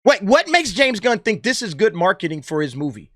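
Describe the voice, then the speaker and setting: Exasperated high-voiced man ranting. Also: big pitch swings, fairly quick, a bit bright, dry recording, clean studio sound. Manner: exasperated, blunt, slangy and sarcastic. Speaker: movie commentary vlogger. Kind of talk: ranting opinion commentary.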